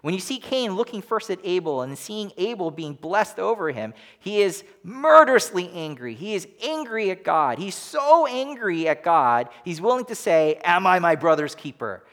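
A man's voice: sits high, big pitch swings, normal speed, few pauses, fairly bright tone. A man preaching a sermon as pastor, emphatic and full of rhetorical questions.

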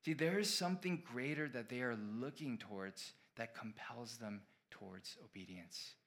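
A man in his thirties preaching a sermon, telling a personal story in an earnest, halting way with many fillers and restarts. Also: medium pitch, a bit bright. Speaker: pastor.

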